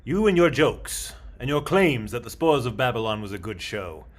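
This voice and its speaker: A theatrical, menacing terrorist villain who gloats at a slow, drawn-out pace, as a man puts him on for a comedy bit. His lines come with sinister cackles and exaggerated threats. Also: medium pitch, natural voice.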